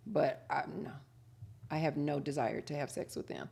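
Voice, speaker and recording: A middle-aged woman hosting a casual live chat, reading viewer comments aloud and telling animated stories with drawn-out words. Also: on the low side, creaky.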